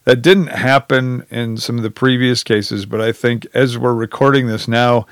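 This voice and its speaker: A man's voice: mid-range voice, fairly even intonation, normal speed, dry recording. Joking male podcast host, dry sound. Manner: joking, self-deprecating, many restarts. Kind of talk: casual conversation and reading a story aloud. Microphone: video call.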